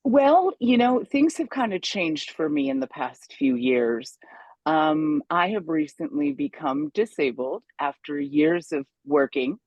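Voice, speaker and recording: A woman's voice: deep voice, very animated, unhurried, a little mellow, no room sound, dull audio. A woman guest on an interview show, an environmental activist talking in a chatty, upbeat way with many fillers. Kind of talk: casual interview.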